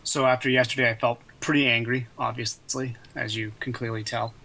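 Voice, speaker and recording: A man playing a tabletop game, speaking in character with an earnest, deliberate manner. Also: mid-range voice, little pitch movement, creaky, pushed and bright, rough recording. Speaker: player.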